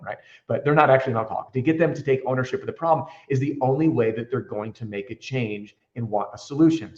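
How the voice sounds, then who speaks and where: A man's voice: mid-range voice, darkish tone, reverberant, dull audio. A man who trains roofing salespeople tells candid stories with energy in a casual interview, acting out the dialogue he quotes.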